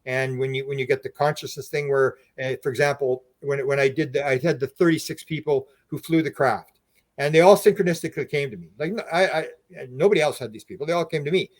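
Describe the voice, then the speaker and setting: A man speaking as a podcast guest, explaining at length in an earnest, rambling way full of restarts. His voice sits at an ordinary pitch. The sound is dry and close, with no room echo. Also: fast. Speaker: podcast guest, UFO researcher. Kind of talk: conversational interview.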